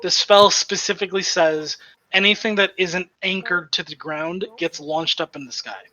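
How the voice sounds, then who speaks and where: A man at a tabletop game, chatting casually and eagerly arguing over rules. His voice is high and bright, with a sharp edge. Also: moderate pace, lo-fi sound. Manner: explains rules eagerly, laughs often. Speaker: player.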